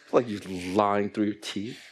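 A man preaching a sermon in a church, animated, breaking into little acted exchanges in different voices. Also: fairly low pitch, moderate pace, a little hiss or hum. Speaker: pastor.

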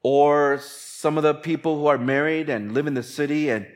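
A man's voice: fairly high pitch, normal speed. Conversational man preaching a sermon. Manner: conversational, relatable, acts out quotes. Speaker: pastor.

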